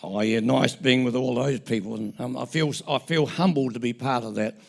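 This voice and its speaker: Gravelly older New Zealand man, rambling. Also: medium pitch, normal speed. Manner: rambling, joking, self-interrupting. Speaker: award recipient. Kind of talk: acceptance speech with anecdotes. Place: awards ceremony on stage.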